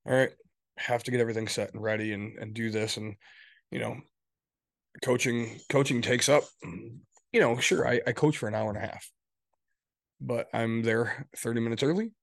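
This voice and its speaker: A man's voice: mid-range voice, moderate pace, vocal fry, pauses often, dry recording, studio quality. A man co-hosting a podcast in casual chat, rambling and swearing, often tagging his points with "right?". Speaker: podcast co-host.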